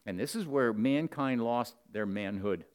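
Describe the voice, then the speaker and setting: This sermon to the men of the congregation comes at a measured pace in a clean tone. The preacher is earnest and straightforward, moving between loud, emphatic moments and soft, close-up asides.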